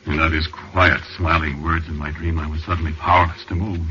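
A man's voice: rumbling low, flat delivery, brisk. A man narrating a 1940s radio drama in the first person, telling a frightening dream with tense, dramatic delivery. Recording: hissy, muffled old radio recording.

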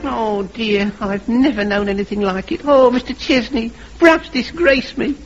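A man playing a cheeky, sulky young schoolboy with quick comebacks in a 1950s radio comedy, in a dull, hissy old radio recording. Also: extremely high pitch, over music.

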